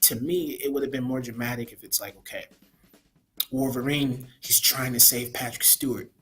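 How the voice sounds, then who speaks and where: A man's voice: mid-range voice, moderate pace, a bit bright, slight background noise. Blunt, rambling male movie reviewer. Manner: rambling, frequently says "man", blunt and opinionated. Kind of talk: casual spoiler review rant.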